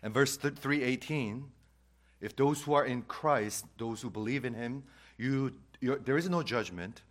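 A male pastor preaching a sermon, repeating key phrases and swinging between loud declarations and quiet asides. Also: medium pitch, a little slow.

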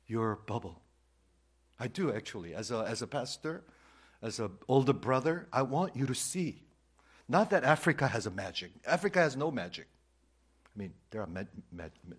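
Male pastor, sermon, mid-pitched voice, loud emphasis dropping to whispers, repeats phrases. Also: breathy edge. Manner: swings between loud emphatic lines and hushed whispers.

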